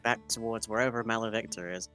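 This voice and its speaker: A man's voice: on the low side, steady tone, quick pace, sharp tone, soft background music. A man talking as a player in a tabletop game, dry and matter-of-fact. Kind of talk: casual play talk.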